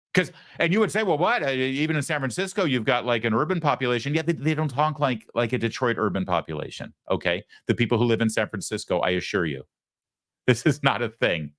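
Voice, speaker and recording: A man's voice: on the low side, fairly bright tone, dry recording, studio quality. A man hosting a political talk show, sarcastic and mocking as he comments. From United States. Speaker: host.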